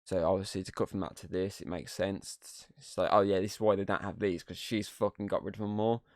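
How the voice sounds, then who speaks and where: A man with a lowish voice talks through a movie's plot on a podcast. He swears casually and slips into voices to act out scenes. The sound is close and dry, with no room around it. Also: level tone, brisk, dry recording. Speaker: podcast co-host. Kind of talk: casual movie review chat.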